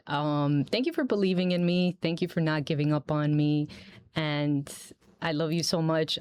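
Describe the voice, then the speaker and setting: A woman guest speaking in an animated way about visiting children, voicing their lines brightly. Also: deep voice, clear, resonant tone. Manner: warm, animated, quotes kids in a raised voice. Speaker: community outreach guest. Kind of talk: interview talk.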